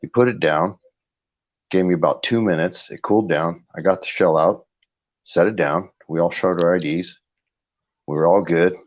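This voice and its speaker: Very deep-voiced blunt man telling a story. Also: normal speed, pauses often, dry recording, highs cut off. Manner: blunt, rambling, repeats "I go". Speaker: host of a live chat stream. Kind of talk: casual storytelling.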